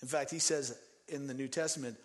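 A man from Denver preaching a sermon in an animated, conversational way, acting out the people he quotes. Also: medium pitch, fairly quick, long reverb tail. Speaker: pastor.

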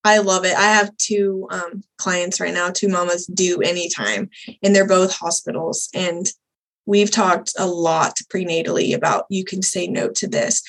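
A young adult woman, a birth doula, telling her own birth story as a guest in a podcast interview, candid and animated, voicing the people she quotes. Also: fairly low pitch, unhurried, rough recording. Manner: candid, animated retelling, acts out quoted dialogue.

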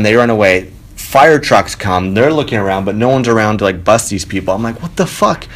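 Low-voiced man telling a heated story. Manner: animated, swearing, quotes people with raised voice. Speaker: podcast host. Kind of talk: casual storytelling monologue. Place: spare bedroom home studio. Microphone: home studio mic.

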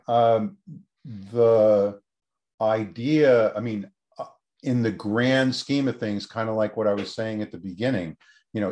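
A man's voice: lowish voice, a little mellow. A man, a researcher, telling a story in an interview answer and acting out the quoted voices with lots of energy. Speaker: researcher guest.

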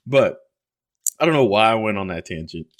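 A man hosting a podcast, telling a story in animated casual chat and laughing often. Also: on the low side, normal speed. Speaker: podcast host.

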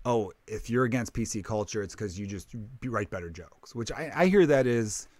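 A man's voice: lowish voice, animated, normal speed, darkish tone, no room sound. A man who is a comedian, hosting a casual podcast chat, rambling and swearing as he trips over his own sentences. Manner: rambling, profane, self-interrupting.

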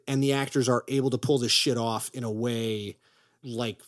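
A man's voice: medium pitch, steady tone, normal speed. A man co-hosting a casual podcast, talking about films with enthusiasm, rambling and swearing casually. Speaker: podcast co-host. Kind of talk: casual movie chat.

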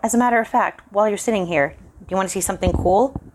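A woman's voice: medium pitch, rapid-fire, darkish tone, pitched above the performer's own voice, natural voice. A woman reading the part of a polite, nervous young man who is a friend of the son, earnest and eager to please. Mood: friendly. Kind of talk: audiobook character voice.

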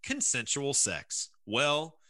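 A man co-hosting a podcast, telling stories about songs in a relaxed way with many fillers. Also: medium pitch, takes it slowly, no room sound, studio quality. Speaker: podcast co-host. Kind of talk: casual chat about songs.

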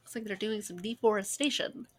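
A woman giving casual, sarcastic running commentary on a film she is watching with a friend. She swears freely and talks in an animated way. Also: medium pitch, a little fast, a little hiss or hum. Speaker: co-host reacting to a film.

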